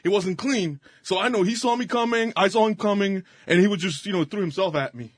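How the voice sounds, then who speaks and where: Rambling, laughing young guy, high voice. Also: fairly quick, no echo, studio quality. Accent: unusual accent, hosts call it weird. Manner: rambling, laughing, swearing, many fillers. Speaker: studio guest. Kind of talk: casual radio banter.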